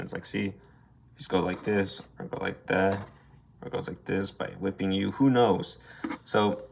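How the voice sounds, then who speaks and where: A man's voice: on the low side, creaky, a little hiss or hum. A young man casually reviewing an action figure, rambling, swearing freely and airing blunt gripes. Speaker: toy reviewer. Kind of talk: casual unscripted toy review.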